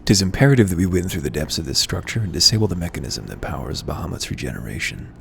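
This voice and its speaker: A man's voice: low voice, big pitch swings, fast talker, creaky, a little hiss or hum, exaggerated voice. A man reading out a formal young male scholar's lines in a stately, archaic manner while fighting hiccups. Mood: solemn.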